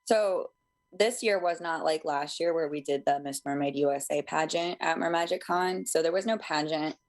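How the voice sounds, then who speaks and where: Low-voiced woman guest on a radio show. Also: moderate pace. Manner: explaining at length, easygoing. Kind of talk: casual radio chat. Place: radio studio.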